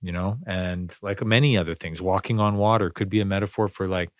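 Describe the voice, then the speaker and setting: A man's voice: deep voice, fairly even intonation, fairly quick, no echo, studio quality. A man hosting a podcast, talking in a rambling, reflective way with lots of fillers and restarts. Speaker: podcast host. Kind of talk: casual spiritual conversation.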